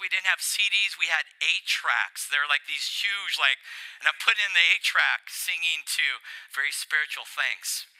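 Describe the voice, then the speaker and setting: An older man preaching a sermon, animated and playful, getting worked up as he speaks. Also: sits high, rough recording. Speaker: pastor.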